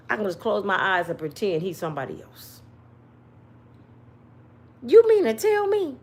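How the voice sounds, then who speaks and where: A woman's voice: medium pitch, wildly swooping pitch, normal speed, pauses often, darkish tone. A woman giving an emphatic, slangy opinion rant to her viewers, full of rhetorical questions. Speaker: commentary vlogger.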